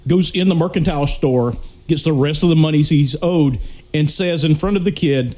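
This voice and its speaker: A man on a podcast, walking through a movie's opening scene in a halting, rambling way. His voice is a little high. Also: a little mellow. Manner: halting, retells scenes with fillers and restarts. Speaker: podcast co-host. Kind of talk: casual movie review chat.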